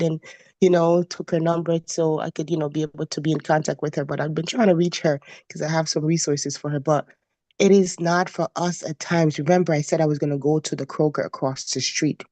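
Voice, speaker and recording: A woman sharing a faith-based testimony, telling her story with lively quoted dialogue and repeating phrases for emphasis. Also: deep voice. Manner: animated storytelling, acting out quoted voices. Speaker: motivational speaker.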